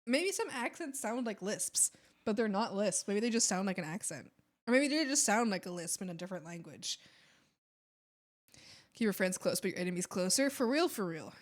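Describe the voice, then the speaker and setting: A woman's voice: mid-range voice, animated, normal speed. A woman streamer with a lisp, chatting casually and telling rambling stories with laughs while she draws. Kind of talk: casual chat while drawing.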